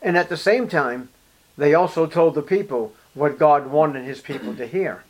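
A man's voice: fairly high pitch, expressive, moderate pace. A man preaching a sermon, speaking emphatically and addressing his listeners directly.

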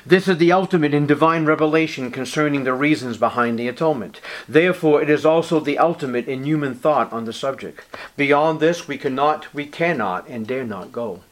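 A man preaching as pastor, emphatic, rising loud on key words and dropping low and soft. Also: fairly quick, hardly any pauses. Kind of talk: sermon.

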